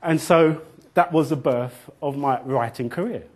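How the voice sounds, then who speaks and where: A middle-aged man, a children's author telling animated stories to a young audience. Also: on the high side, measured pace, breathy edge. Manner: animated storyteller who acts out quotes and chants rhymes. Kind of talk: storytelling talk to children.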